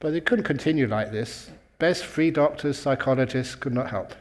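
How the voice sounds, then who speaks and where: A man's voice: mid-range voice, normal speed. Male meditation teacher, humorous storyteller, playful with easy chuckles, mid-range voice. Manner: playful, chuckles at his own jokes. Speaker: Buddhist monk and meditation teacher.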